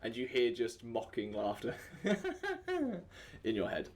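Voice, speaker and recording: A man running a tabletop game as game master, narrating scenes in a relaxed way with frequent fillers. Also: fairly low pitch, fairly quick, slight background noise.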